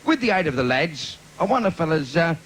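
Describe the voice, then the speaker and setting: Cheeky comic, lively high voice. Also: male voice, a little fast. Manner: bawdy, cheeky patter with sudden high squeaks. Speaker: stand-up comedian. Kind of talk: live cabaret stand-up. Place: theatre stage with audience. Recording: noisy 1980s live video.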